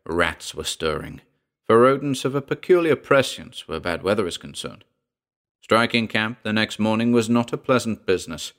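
A man narrating a short story as an audiobook, reading in a measured, even way. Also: fairly low pitch, smooth.

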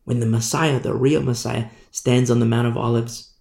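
A man's voice: mid-range voice, steady tone, moderate pace, gravelly, a little mellow. A man preaching a Bible teaching in a conversational way, acting out little scenes as he goes. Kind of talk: sermon. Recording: echoey room.

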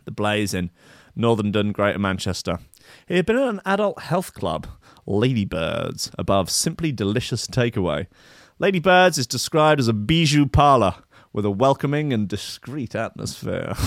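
Male podcast host with a smooth, dry voice, doing comedic news reading full of giggles. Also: lowish voice, animated, normal speed, fairly bright tone, dry recording. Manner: wry, giggly, mocking asides.

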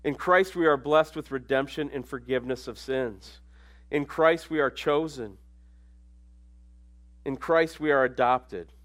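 A man preaching a sermon in a conversational way, dropping to quiet asides and then rising into emphatic lines. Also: fairly high pitch.

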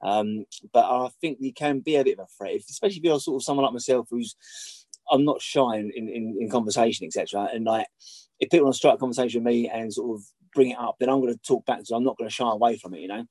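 Fast-talking blunt middle-aged man. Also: mid-range voice, a little mellow, no echo. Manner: blunt and sweary, repeats points for emphasis. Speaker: guest. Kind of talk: candid conversational storytelling.

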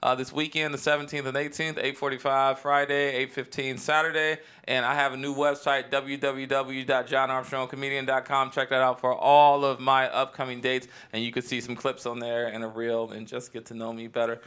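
A comedian chats as a guest on a podcast, laid-back and joking. His voice is bright and forward, with a clean, crisp tone. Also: mid-range voice, little pitch movement, brisk, hardly any pauses. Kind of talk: casual podcast chat.

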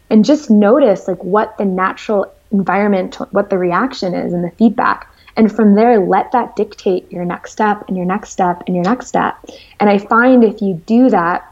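A woman speaking as an interview guest, telling stories in a lively, rambling way with lots of fillers. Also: medium pitch, dull audio. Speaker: guest entrepreneur. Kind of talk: casual storytelling interview.

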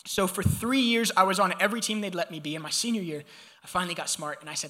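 A young man from Georgia preaching a sermon, telling a personal story in an animated, conversational way and talking straight to the congregation. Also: high-pitched, fast. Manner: animated, conversational, addresses audience directly.

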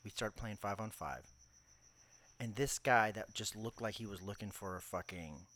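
Animated man telling a gym story. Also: on the low side, normal speed, slight background noise. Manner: animated storyteller, acts out quotes, swears freely. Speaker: podcast co-host. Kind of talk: casual storytelling chat.

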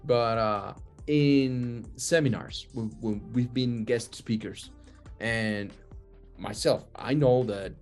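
A man with an average-pitched voice hosts a loose, profane podcast chat. He rambles through his questions, restarting and laughing along the way. Faint music sits under the talk. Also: creaky, darkish tone.

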